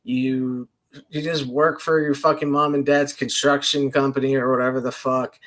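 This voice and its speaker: A man's voice: mid-range voice, little pitch movement, moderate pace, a bit bright. A man streaming a reaction, ranting angrily with constant swearing in a loose, rambling way. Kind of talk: profane reaction rant.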